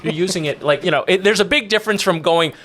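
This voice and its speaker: A man's voice: high voice, background noise. A man who is a chef hosting a reaction show, talking emphatically and casually, cursing freely. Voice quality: emphatic, swears casually, quick affirmations.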